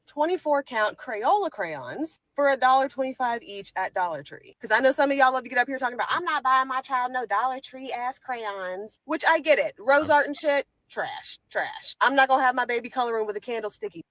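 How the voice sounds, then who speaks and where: A woman listing school supplies and prices in a brisk, matter-of-fact way. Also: high voice, expressive, fairly bright tone, no echo. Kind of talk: shopping list monologue.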